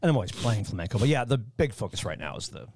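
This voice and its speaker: A man's voice: lowish voice, big pitch swings, fast, a little mellow, breathy edge. A man who teaches guitar, talking easily as a podcast guest. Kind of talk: casual chat.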